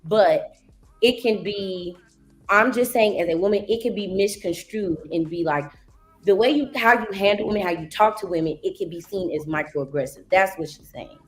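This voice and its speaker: A woman panelist on a podcast, firm and measured as she argues her point. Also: mid-range voice, faint music behind. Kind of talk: podcast debate.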